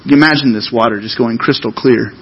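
A man's voice: mid-range voice, fairly quick, slightly rough, muffled recording. A man preaching a sermon as pastor, talking to the congregation in a loose, conversational, storytelling way.

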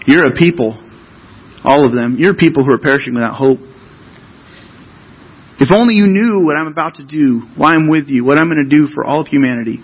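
A man's voice: a little high, slightly rough, muffled recording. A man preaching a sermon as pastor, talking to the congregation in a loose, conversational, storytelling way.

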